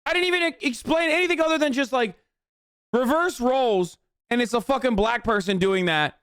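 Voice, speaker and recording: A man's voice: very high voice, brisk, a bit bright, smooth, no room sound, clean studio sound. A man streaming a reaction video, ranting profanely at his chat.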